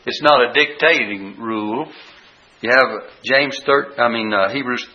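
A man's voice: medium pitch, unhurried. An older man preaching a Bible-teaching sermon, explaining verse by verse and repeating phrases for emphasis. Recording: dull lo-fi church recording.

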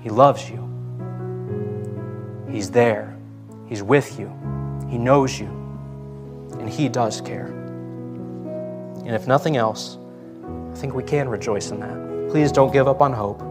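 A man's voice: mid-range voice, slow, pauses often, over music. A man preaching a sermon in a church, earnest and conversational, with emphatic asides. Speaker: pastor. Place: church sanctuary.

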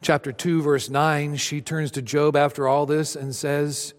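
A man preaching a sermon with animated delivery, acting out voices of the figures he tells about. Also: a little high, measured pace, long reverb tail. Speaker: pastor.

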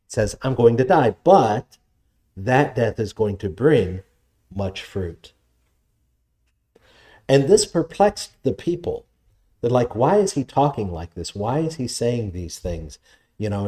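A man's voice: fairly low pitch, dark tone. A man preaching a sermon, reading scripture aloud and explaining it in an earnest, emphatic way.

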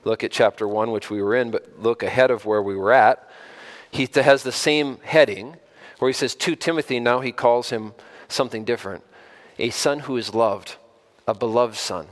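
A man's voice: mid-range voice, steady tone, moderate pace. A man preaching a sermon in a conversational way, often repeating words and putting direct questions to his listeners, then building to emphatic stresses. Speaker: pastor.

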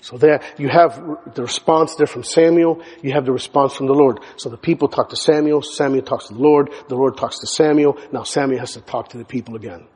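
A male pastor preaching a sermon, emphatic, hammering words through repetition and building to near shouts. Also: mid-range voice, a little fast, few pauses, breathy edge. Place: church sanctuary. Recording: church hall with long reverb.

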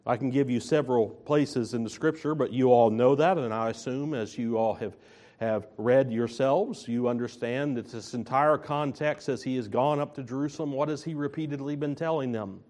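A man's voice: mid-range voice, moderate pace, darkish tone. A man preaching a sermon as a pastor, earnest and emphatic, often restarting his phrases.

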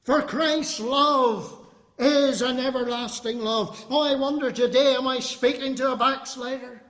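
A man's voice: very high voice, steady tone, a little slow, fairly bright tone. A man preaching a fervent, emphatic sermon to a congregation. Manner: fervent, emphatic, appealing to the listener. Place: congregation hall. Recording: long hall reverb.

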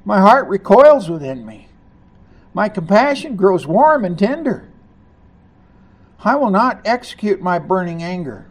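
A man preaching a sermon, reading scripture aloud and commenting on it, rising to loud emphasis on key lines. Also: high voice, big pitch swings, a little slow, pauses often. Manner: reads scripture aloud and comments between passages.

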